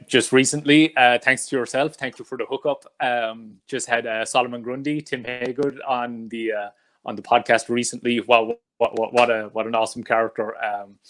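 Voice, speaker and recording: Male podcast host, halting, lots of uhs, mid-pitched, casual. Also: a bit bright. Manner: halting, filler-heavy questions. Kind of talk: casual interview.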